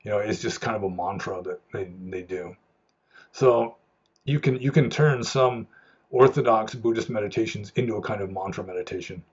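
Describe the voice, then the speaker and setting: A man's voice: lowish voice, moderate pace, slightly rough, dull audio. A man, a monk, answering viewer questions in a loose, rambling way, with many restarts and fillers. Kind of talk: unscripted Q&A talk.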